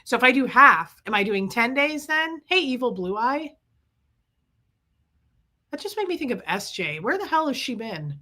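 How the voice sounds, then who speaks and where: A middle-aged woman telling a story to her viewers. She is sick with chest congestion and rants in animated bursts, stopping to greet viewers by name. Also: a little high, normal speed, long pauses. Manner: ranting, animated storytelling, reading out viewer names. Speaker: livestream host. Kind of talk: casual chat to viewers.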